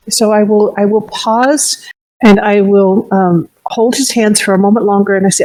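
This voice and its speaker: A woman playing a tabletop game, calmly describing her character's actions step by step. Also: medium pitch, normal speed, no room sound, poor audio. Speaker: player.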